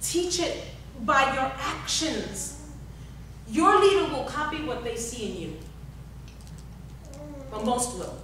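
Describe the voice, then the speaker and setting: Female motivational speaker, bright and forceful, heard far off in a reverberant hall with faint room noise. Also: high-pitched, lively intonation, takes it slowly, pauses often. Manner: exhorting, repetitive, asks the audience questions. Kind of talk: motivational seminar talk. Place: large echoey workshop hall.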